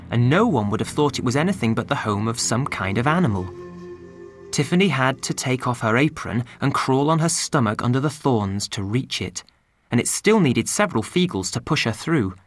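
A woman narrating a storybook in an expressive reading style, recorded close. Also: extremely low pitch. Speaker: audiobook narrator.

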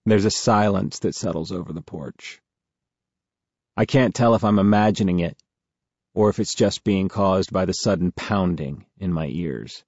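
A man narrating a first-person novel as an audiobook in a steady, measured way. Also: low-pitched, no room sound, dull audio.

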